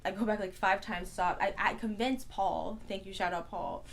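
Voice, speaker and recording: A young adult woman co-hosting a podcast, telling a long story in casual chat, rambling and animated with constant "like" fillers. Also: medium pitch, normal speed, creaky. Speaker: podcast co-host.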